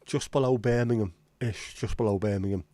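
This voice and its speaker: A man's voice: on the low side, moderate pace, dark tone, no echo. A man hosting a casual livestream chat, rambling and reading out viewer comments. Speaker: livestream host.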